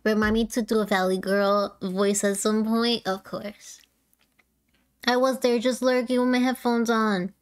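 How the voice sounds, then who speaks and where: A woman's voice: a little high, steady tone, unhurried. A woman streaming a video game, chatting in a giggly way and thinking aloud as she plays. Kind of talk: casual let's-play commentary.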